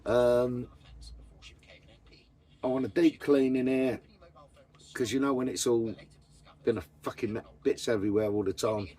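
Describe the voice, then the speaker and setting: A man's voice: mid-range voice, steady tone, measured pace, pauses often, mellow. A man chatting casually to camera about his camper van, blunt and full of swearing. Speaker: vanlife vlogger.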